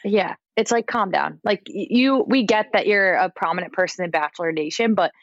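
A woman's voice: medium pitch, a little fast, dry recording, highs cut off. A woman guest on a podcast in casual chat, talking loosely with frequent "like" fillers. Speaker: podcast guest, entertainment editor.

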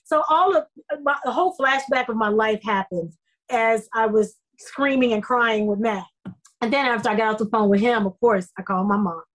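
A middle-aged woman with a fairly high voice tells stories from her acting life. She talks in an effusive, animated way, full of fillers. This is a casual interview chat. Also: normal speed, poor audio. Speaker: soap opera actor, interview guest.

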